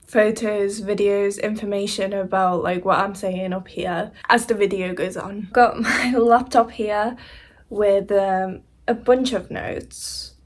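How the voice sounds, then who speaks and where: A young woman from Hungary, raised in England, telling a casual storytime vlog in a rambling, chatty way with fillers and little laughs. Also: medium pitch. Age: young adult. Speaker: vlogger. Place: indoors at home, seated beside laptop.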